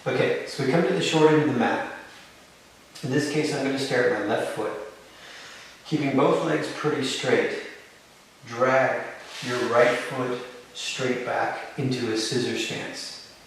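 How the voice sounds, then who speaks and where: A man leads a yoga class with calm, encouraging step-by-step cues. His mid-range voice rings around a very reverberant studio. He sits well back from the mic, with a faint hiss underneath. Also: mid-range voice, measured pace, pauses often, far from the mic. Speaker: yoga instructor. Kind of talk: live yoga class instruction.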